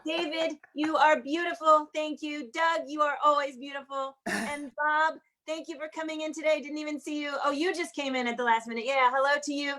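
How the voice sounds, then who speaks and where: A woman's voice: high voice, fairly even intonation, a little fast, few pauses. A woman hosting an online show, closing it with chatty compliments for each person on the call. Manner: warm repetitive compliments, chatty. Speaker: host. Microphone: video call.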